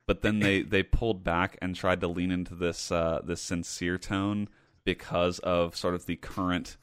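A man's voice: sits low, normal speed, clear, resonant tone, no room sound. Emphatic man on a podcast, dry sound. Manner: animated, emphatic, repeats himself for effect. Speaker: podcast host. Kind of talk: casual chat.

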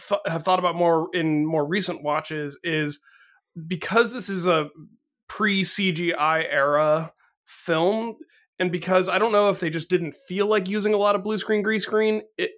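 A man's voice: high-pitched, a little slow, fairly bright tone. An American man hosting a podcast, chatting casually with lots of fillers and frequent laughs. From United States. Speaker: podcast host. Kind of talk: casual chat.

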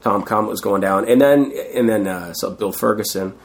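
A man's voice: lowish voice, normal speed. A middle-aged man in a casual interview, telling rambling stories and acting out what others said. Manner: rambling, acts out quoted voices. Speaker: guest, street performer.

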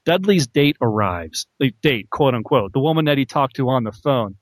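A man's voice: mid-range voice, animated, moderate pace, dry recording. Chuckling man recapping a film. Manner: recaps scenes, chuckling, with many fillers. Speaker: podcast co-host. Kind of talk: casual film discussion.

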